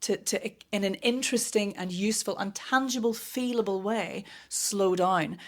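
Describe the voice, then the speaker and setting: A woman with a Northern Irish accent, a vocal coach guest chatting on a podcast, quick and lively. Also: mid-range voice. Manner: fast, lively, demonstrates with voices. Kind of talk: casual podcast chat.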